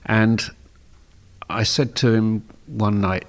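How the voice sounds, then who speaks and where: An older man from England, a guest on a radio show, telling a relaxed story and laughing often as he goes. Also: fairly low pitch, slow pace. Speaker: guest musician. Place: radio studio.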